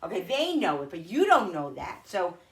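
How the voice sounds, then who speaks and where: A middle-aged woman vlogger tells a long personal story in a casual, rambling, emotional way, full of restarts, asides, and many "you know"s. Her voice is lowish and sing-song at a moderate pace. She's recorded from far off in an echoey kitchen with clattering dishes.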